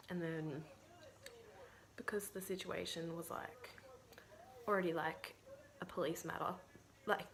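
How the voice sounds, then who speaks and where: Australian woman vlogger, casual storyteller, slightly low pitch, chatty with fillers and cursing. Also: fairly bright tone, a little hiss or hum. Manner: chatty, full of "like" and swearing.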